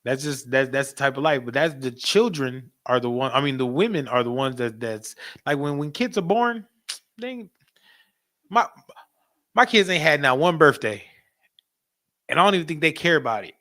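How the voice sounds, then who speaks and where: A man teaching a class in a casual preaching style, animated and repetitive, often turning to the audience with asides and breaking into laughter. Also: medium pitch, moderate pace. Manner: laughs often while talking.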